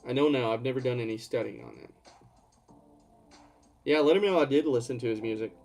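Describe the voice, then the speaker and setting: A man's voice: medium pitch, big pitch swings, brisk, vocal fry, a little mellow, faint music behind. A man from Georgia, chatting casually on a live stream and answering questions in a rambling way. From Georgia, USA. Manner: rambling, reads and answers chat. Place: at home.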